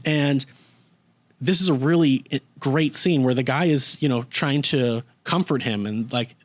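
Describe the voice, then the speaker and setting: A man's voice: mid-range voice, measured pace. A man hosting a podcast and recapping a story in casual chat. He rambles, swears freely, says "like" a lot, and briefly acts out the characters when he quotes them. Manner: rambling and profane, with heavy use of "like". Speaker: podcast host.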